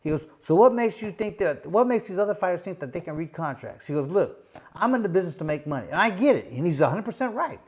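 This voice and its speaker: Middle-aged man, somewhat high voice, casual storytelling, acts out other voices, lots of "you know" and "he goes". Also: fast talker, breathy edge. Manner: animated, acts out quoted voices, many fillers. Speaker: host, former boxing champion.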